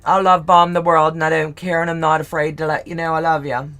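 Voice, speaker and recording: A woman's voice: low-pitched, flat delivery, brisk, fairly bright tone. A woman hosting a live sewing stream, chatting casually and reading viewer comments aloud in an effusive, gushing, readily emotional way.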